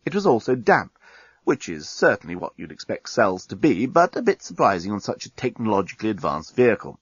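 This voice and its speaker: A man narrating a comic science fiction story in a wry, measured way. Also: lowish voice, big pitch swings, husky, no echo, dull audio. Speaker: audiobook narrator. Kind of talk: scripted narration.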